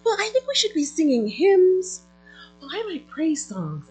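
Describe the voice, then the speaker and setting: A preacher mimicking a whiny, high churchgoer. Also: wildly swooping pitch, a little slow, faint music behind, heavily acted. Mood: petty. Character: squabbling churchgoer arguing over music.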